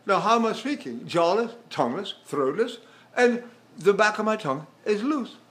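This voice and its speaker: Older male voice teacher, higher voice. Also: expressive, normal speed, fairly bright tone. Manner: demonstrative, explains through examples and questions. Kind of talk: vocal technique lesson with sung demonstrations.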